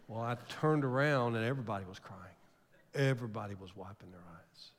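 An older pastor, preaching in a church with a long ringing reverb. His voice sits somewhat low, and he tells his story with feeling, swinging from loud emphatic rises to hushed, almost whispered lines. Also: fairly quick. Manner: emotional storytelling with sudden loud rises and soft drops. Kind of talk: sermon. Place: church sanctuary.

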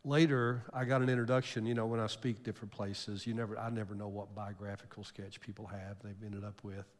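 An older man, a pastor preaching a sermon, telling a story emotionally, jumping from loud bursts to near-whispers. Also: lowish voice, level tone, a little fast. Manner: emotional storytelling with sudden loud rises and soft drops. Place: church sanctuary. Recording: long hall reverb.

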